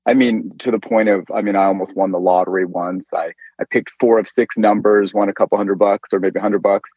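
A middle-aged man from Northern California, an interview guest telling a personal faith story in an animated way and acting out quoted lines. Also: fairly low pitch, brisk, breathy edge, dry recording. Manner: animated storyteller who acts out quoted speech. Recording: dull lo-fi dry sound.

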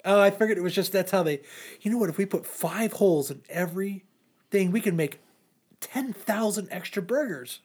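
A man in casual podcast chat, blunt and sarcastic, quick with his opinions. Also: high-pitched, expressive, a little mellow, slightly rough.

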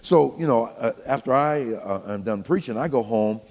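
A man's voice: mid-range voice, normal speed, long reverb tail. An older man, a pastor telling folksy stories to his congregation in a sermon. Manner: folksy, animated, talks straight to the congregation. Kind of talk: storytelling sermon.

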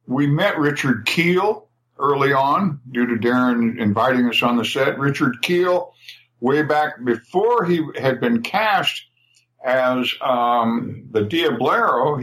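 Older writer guest, bright-voiced, rambling, laughing raconteur. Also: male voice, medium pitch, expressive, measured pace, poor audio. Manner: chatty storyteller, laughs often, repeats words. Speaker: guest writer telling stories. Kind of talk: casual anecdotal interview.

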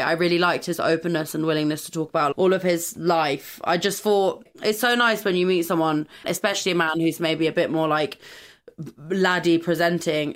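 A woman's voice: lowish voice, fairly bright tone. A woman with a London accent hosting a podcast, chatting candidly and laughing often as she tells stories. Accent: London English. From England. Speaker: podcast host. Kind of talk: casual chat and storytelling.

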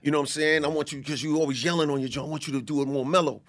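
A man, a guest in an interview, telling stories in a relaxed, casual way and often checking in with his listener. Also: a little high, slight background noise. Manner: fast, laid-back, peppered with "you know what I'm saying".

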